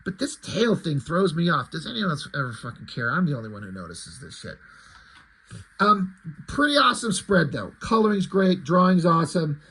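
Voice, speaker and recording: A man's voice: fairly high pitch, sing-song, moderate pace, bright, forceful tone, breathy edge. A man reviewing comics in casual, profane, self-deprecating commentary that rambles.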